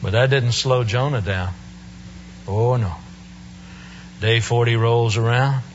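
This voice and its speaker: A man's voice: mid-range voice, fairly even intonation, slow, dull audio, slight background noise. A male preacher giving a sermon in a church service, telling the story with humor and playful asides.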